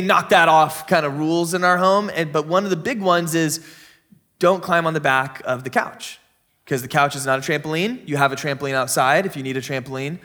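Lively high-voiced man preaching. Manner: conversational storytelling with animated swings in pitch and volume. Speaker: pastor. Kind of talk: sermon. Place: church.

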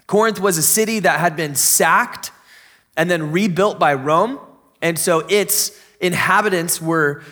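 A man's voice: high voice, fairly bright tone. A young man preaching a sermon in an enthusiastic, conversational, joking way. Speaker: pastor.

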